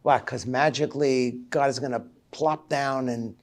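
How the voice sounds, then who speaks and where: A male rabbi giving an animated sermon lecture, reading passages in Hebrew and explaining them in English. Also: medium pitch, a little slow.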